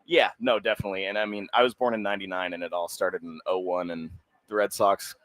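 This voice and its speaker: A man in his twenties with a mild New England accent talks in a low, easygoing voice, rambling with likes and you-knows. The sound is dry and close on a studio mic. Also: fairly even intonation, quick pace, fairly bright tone, dry recording. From Boston area, USA. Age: 20s. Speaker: guest. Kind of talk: casual radio chat.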